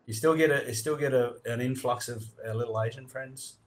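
A man's voice: medium pitch, a little fast. A man with an Australian accent co-hosting a casual comedy chat, teasing drily and full of Aussie slang. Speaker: podcast co-host.

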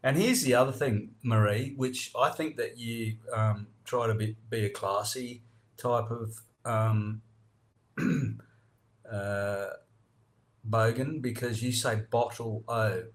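A man's voice: medium pitch, fairly even intonation, slow pace. A man with an Australian accent co-hosting a casual comedy chat, teasing drily and full of Aussie slang. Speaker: podcast co-host.

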